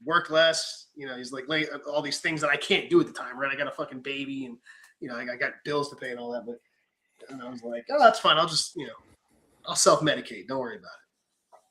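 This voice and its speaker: A young man in casual podcast chat, telling animated stories, acting out quotes and swearing freely. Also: medium pitch, fast. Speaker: podcast host.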